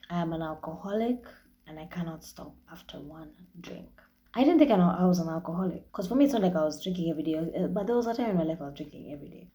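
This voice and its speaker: Frank, mellow-voiced Kenyan woman. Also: lowish voice. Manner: frank and profane, mixing in Swahili phrases. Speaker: podcast host. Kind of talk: candid solo podcast monologue.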